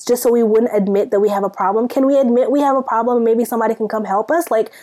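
Young sudanese woman podcast cohost, higher voice, venting and firing off questions. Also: rapid-fire, warm tone. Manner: exasperated ranting, rhetorical questions. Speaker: podcast co-host. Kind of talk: casual chat.

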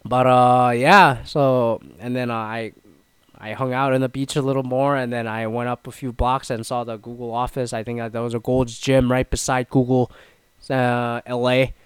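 A man's voice: little pitch movement, moderate pace, smooth, dry recording. Rambling, cursing man telling a story. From Canada. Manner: rambling, swears often, many restarts and fillers; mimics others in higher, louder voices. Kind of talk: casual storytelling monologue.

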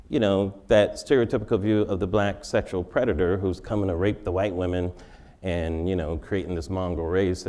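A male comedian giving a wry comic lecture in a large forum, interviewing himself and laughing at his own jokes. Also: lowish voice.

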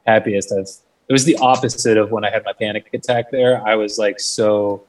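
Recorded from a distance on poor audio with a little hiss or hum, a young male guest in a relaxed interview tells a story in a low, steady voice at moderate pace. His talk is full of swearing and "like," and he imitates the voices of those he quotes.

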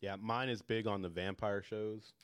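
Male podcast co-host, low voice, relaxed conversational delivery that trails off. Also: normal speed, reverberant. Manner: laid-back, trailing off mid-thought. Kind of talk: casual chat.

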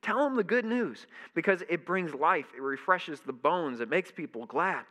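A man preaching a sermon, animated and emphatic, repeating key phrases. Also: on the high side, moderate pace. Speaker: pastor.

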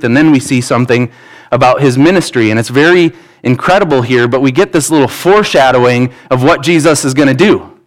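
A man's voice: mid-range voice, rough recording. A pastor in his thirties preaching a sermon in an earnest, conversational way, with asides and restarts.

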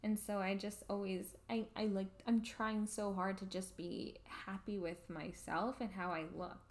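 A woman's voice: medium pitch, level tone, unhurried. A woman co-hosting a podcast in casual chat, rambling and saying "like" a lot. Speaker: podcast co-host.

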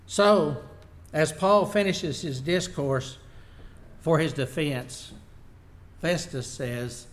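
In a fairly high voice and at an unhurried pace, a man preaches a sermon, reading Bible verses aloud before explaining them in plain language. His delivery is unpolished, and he works the slides as he goes.

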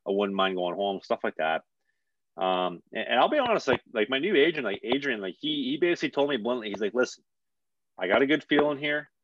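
A man's voice: medium pitch, brisk, dry recording, highs cut off. A young man, a hockey player, telling a story in a casual podcast chat, rambling and acting out what people said. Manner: rambling, animated, acts out quotes.

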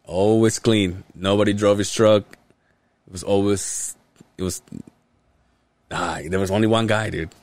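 This podcast host has a fairly low, steady, slightly mellow voice and speaks unhurriedly with long pauses, in a dry recording. His casual chat is full of crude, profane stories, voices of the people involved, and frequent bursts of laughter.

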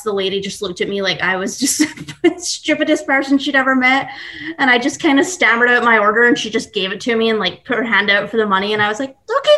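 Young woman, podcast guest, chatty, rambling, lots of fillers, relaxed casual talk. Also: mid-range voice. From Scotland, raised in Texas. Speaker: guest baker. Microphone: computer mic at home.

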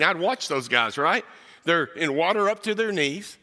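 Bright-voiced pastor in a reverberant church. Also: male voice, on the high side, lively intonation, moderate pace. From South Texas. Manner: folksy, joking with the congregation. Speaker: guest pastor. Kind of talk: storytelling sermon. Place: church sanctuary.

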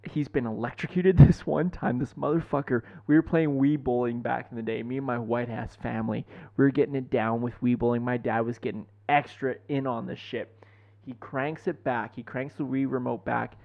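A young man co-hosting a podcast, telling stories in a profane, animated way. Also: mid-range voice, normal speed, gravelly. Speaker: podcast co-host. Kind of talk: casual chat. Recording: dull lo-fi podcast mic.

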